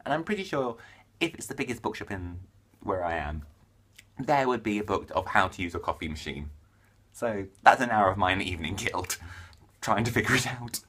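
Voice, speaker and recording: A man's voice: on the low side, expressive, brisk, fairly bright tone, slight background noise. A young man from England chatting casually and jokily to camera as a book vlogger, often cutting himself off mid-word. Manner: chatty, jokey, self-interrupting. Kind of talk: casual vlog chat.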